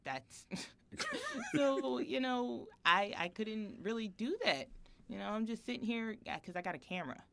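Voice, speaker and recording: A woman in her thirties co-hosting a podcast, telling a personal story in a chatty, animated way with frequent laughter. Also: fairly high pitch, measured pace, vocal fry, slight background noise. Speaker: podcast co-host. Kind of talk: casual podcast chat.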